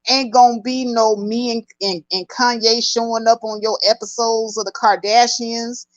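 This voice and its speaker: A woman's voice: fairly high pitch, steady tone, normal speed, no room sound, muffled recording, natural voice. A woman acting out a defiant young wife who lays down her rules in a sassy, firm tone. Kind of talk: mocking impression in commentary.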